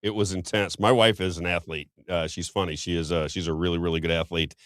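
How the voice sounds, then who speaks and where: A man's voice: sits low, steady tone, fast, no echo, studio quality. An American man hosting a casual political talk show, telling rambling anecdotes. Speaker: host.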